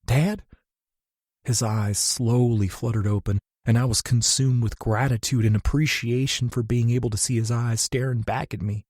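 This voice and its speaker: A man reading first-person scripted narration in a measured, emotional way. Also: medium pitch, steady tone, darkish tone, dry recording, studio quality. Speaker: audiobook narrator.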